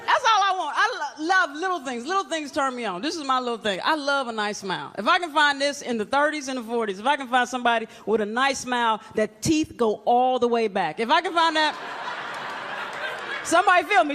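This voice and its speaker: A woman's voice: high voice, expressive, brisk. A woman doing a stand-up comedy set on a club stage, brash and playful, acting out little scenes. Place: comedy club stage in front of a live audience. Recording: live club recording with crowd laughter and noise.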